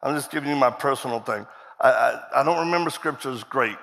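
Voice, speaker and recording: A man's voice: mid-range voice, brisk, vocal fry, fairly bright tone. A man telling a self-mocking, joke-filled story as a guest speaker in a church sermon, acting out the voices of people he quotes. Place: church stage before a congregation. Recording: long hall reverb from a stage.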